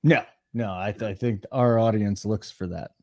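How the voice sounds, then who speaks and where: A man in his forties co-hosting a sports betting show, trading crude deadpan jokes in casual chat. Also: on the low side, moderate pace, no room sound, clean studio sound. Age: 40s.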